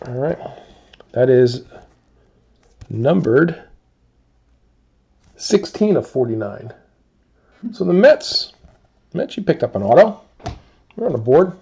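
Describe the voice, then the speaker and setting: Slow, mellow man calling card breaks. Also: mid-range voice, gravelly, husky, muffled recording. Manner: slow, relaxed listing of teams and cards. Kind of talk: live card break commentary.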